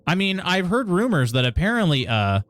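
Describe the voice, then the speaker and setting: A woman's voice: lowish voice, big pitch swings, a little fast, pitched above the performer's own voice. A woman voicing a grumpy, curt old landlady while reading game dialogue aloud.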